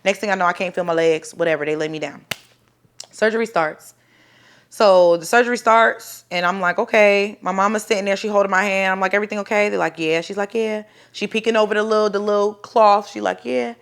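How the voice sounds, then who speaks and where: Young woman telling her own story, lively, does everybody's voices, cusses a lot. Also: medium pitch, a little fast. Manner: animated, acts out other people's voices, swears freely. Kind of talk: casual storytelling.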